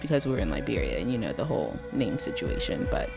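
A woman co-hosting a podcast in casual chat, joking and giggly with quick comebacks. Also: very deep voice, big pitch swings, creaky, over music. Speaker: podcast co-host.

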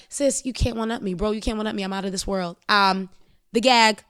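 A woman speaking as a podcast guest in an animated, emphatic way, full of casual slang. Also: medium pitch, fairly quick, clear, resonant tone, dry recording, clean studio sound.

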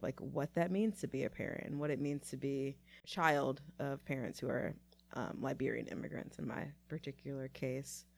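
A woman's voice: rumbling low, creaky. A woman co-hosting a podcast, playful and joking, talking casually with many fillers. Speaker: podcast co-host.

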